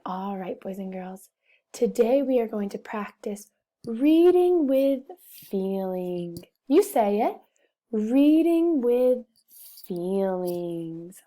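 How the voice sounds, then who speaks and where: Slow, patient teacher woman, warm tone. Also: high-pitched. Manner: slow, patient, with expressive modelling of sentences. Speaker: first-grade teacher. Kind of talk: recorded remote reading lesson for children.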